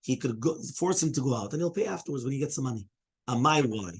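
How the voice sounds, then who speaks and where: Husky-voiced rabbi teaching a Talmud class. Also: male voice, mid-range voice, lively intonation, fast. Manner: explains step by step, often checks in with "right?"; fields questions and interruptions from students.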